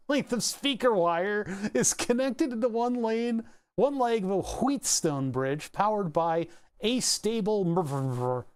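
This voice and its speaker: Casual, curious man streaming aloud. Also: on the high side. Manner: muses aloud, reads excerpts, swears casually. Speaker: livestreamer. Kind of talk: casual livestream chat, reading aloud.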